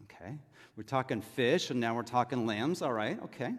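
A man's voice: medium pitch, lively intonation, moderate pace. A man from California preaching a sermon as pastor, telling it conversationally with asides and questions to the congregation. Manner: conversational storytelling with frequent asides and rhetorical questions. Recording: long reverb of a large hall.

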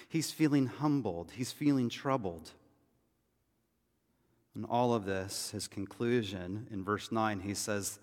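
A man preaching a sermon as pastor, talking in a conversational way and often dropping to a hushed, intense tone. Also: fairly low pitch, slow. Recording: church hall reverb.

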